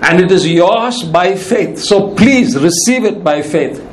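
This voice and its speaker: A man's voice: high-pitched, expressive, slow, slight background noise. A male preacher giving a sermon in an earnest, pleading manner, repeating key phrases for emphasis.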